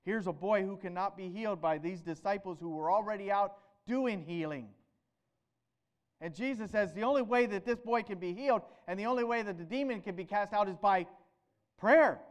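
A male preacher with a high voice delivers a sermon in an animated way. He fires off rhetorical questions and swings between loud, emphatic bursts and quieter, lower stretches.

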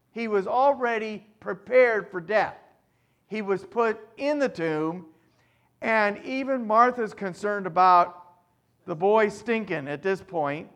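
Slow gravelly high-voiced preacher man. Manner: preaching with strong swings between loud emphasis and quiet asides; reads scripture aloud with rising force. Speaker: pastor. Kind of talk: sermon.

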